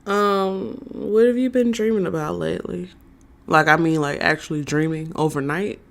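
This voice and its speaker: A woman doing a live-streamed tarot reading, talking slowly with many fillers and answering chat messages. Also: fairly low pitch, creaky. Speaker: tarot reader.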